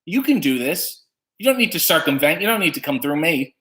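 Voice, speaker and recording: A man's voice: on the high side, very animated, brisk, fairly bright tone. A man hosting a casual livestream, reading chat comments aloud with playful, wry asides.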